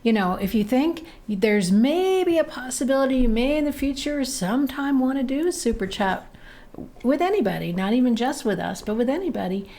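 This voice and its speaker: A cheerful female co-host chatting on a livestream. Her voice sits a little high for a woman. She talks in a bubbly, easy way and laughs often. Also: expressive, normal speed, warm tone. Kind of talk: casual livestream chat.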